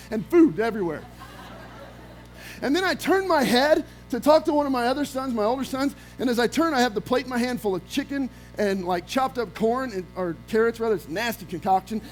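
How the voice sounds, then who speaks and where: A male pastor preaching a sermon to his church, telling a lively family story with acted-out quotes. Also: extremely high pitch, brisk, faint music behind, poor audio. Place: church sanctuary.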